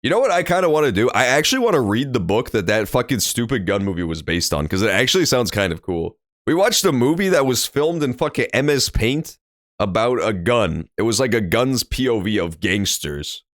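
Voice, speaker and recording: A man's voice: mid-range voice, animated, a little fast, dry recording, clean studio sound. A young man casually commenting while playing a story game, joking crudely and swearing freely, at a desk microphone at home. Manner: crude, profane, jokey.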